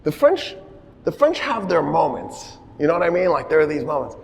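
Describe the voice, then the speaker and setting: Animated male history lecturer, high voice. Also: normal speed. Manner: animated storytelling, acting out quotes. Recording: long reverb of a lecture hall.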